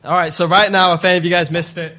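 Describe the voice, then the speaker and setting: A man's voice: high-pitched, little pitch movement, racing, pushed and bright. A man co-hosting a casual watchalong, playful and teasing the others. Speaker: co-host. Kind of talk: casual banter.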